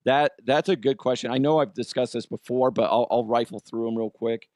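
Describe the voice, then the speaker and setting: A man's voice: medium pitch, fairly even intonation, fairly quick, darkish tone, no room sound, clean studio sound. A man hosting his own podcast, telling stories in a rambling, joking way, laughing at himself and swearing freely. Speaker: podcast host. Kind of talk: casual solo podcast talk.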